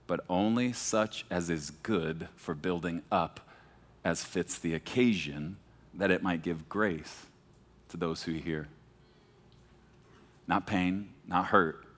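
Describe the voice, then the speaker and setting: A pastor from Texas preaching a sermon, moving between hushed, slow emphasis and animated, emphatic passages. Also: male voice, low voice. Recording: long hall reverb.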